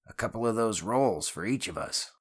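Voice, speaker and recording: A man's voice: lowish voice, animated, moderate pace, slightly rough, voice pushed up. A man voicing LaRue, a jittery joking crook. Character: wisecracking young male criminal sidekick.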